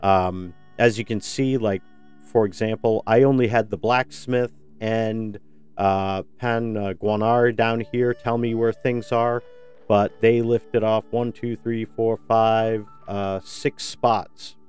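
A man's voice: fairly low pitch, fairly even intonation, slow, darkish tone, clear, resonant tone, faint music behind. A man giving rambling, self-correcting commentary over a game, often losing track of where things are. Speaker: game video host. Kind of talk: gameplay commentary.

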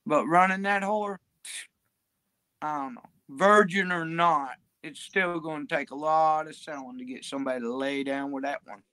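A woman's voice: low-pitched, moderate pace, fairly bright tone, dry recording. A woman livestreaming, talking in a crude, profane, drawling ramble.

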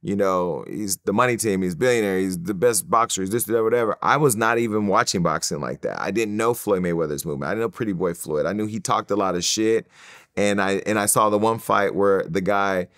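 Low-voiced man telling candid stories. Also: fairly quick, dry recording, clean studio sound. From California. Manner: candid, profane, animated storytelling. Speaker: interview guest. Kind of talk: storytelling in a sit-down interview.

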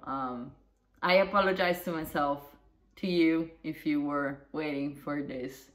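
A woman's voice: low voice, steady tone, measured pace. A woman vlogger chatting casually and rambling, swearing now and then. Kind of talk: casual vlog chat. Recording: roomy echo.

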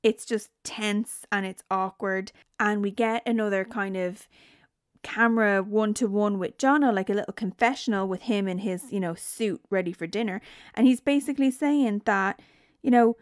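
A woman's voice: medium pitch, normal speed, dry recording, studio quality. A woman reviewing a reality TV show in a casual, sarcastic rant, swearing freely. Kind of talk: casual spoken recap.

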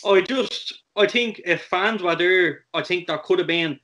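A man's voice: high-pitched, unhurried, sharp tone, dull audio. A man with an Irish accent co-hosting a football vlog, passionate and fuming, repeating himself. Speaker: vlog co-host. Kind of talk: casual football chat.

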